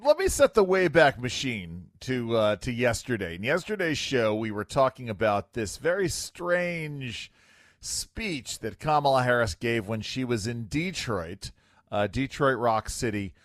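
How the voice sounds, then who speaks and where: Animated man hosting talk radio. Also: mid-range voice, measured pace, no echo, clean studio sound. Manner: wry, animated, filler-heavy. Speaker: radio talk show host. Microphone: studio microphone.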